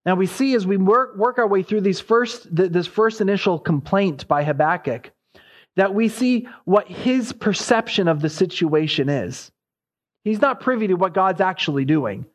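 A man's voice: high-pitched, lively intonation, moderate pace. A man preaching an expository sermon, his voice rising sharply as he voices the prophet's cries.

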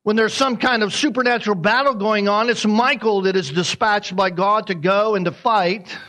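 A man's voice: high voice, fairly even intonation, normal speed, pushed and bright. A man preaching a sermon as a pastor, emphatic and repeating his key points.

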